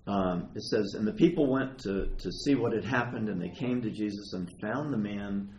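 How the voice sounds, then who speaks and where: A man preaching a sermon in a conversational, animated way, retelling stories and asking his listeners questions. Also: on the low side, muffled recording. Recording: echoey room with faint ambient noise.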